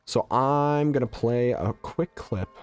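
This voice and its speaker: Faint music plays behind a man taking his time in a clean, medium-pitched voice as he streams a game. He chats loosely with viewers, responding to them with jokes, his voice nasal and blocked from allergies.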